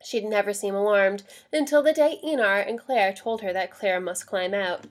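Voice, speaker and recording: A woman reading a novel aloud in a measured storytelling manner. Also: mid-range voice. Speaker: story reader.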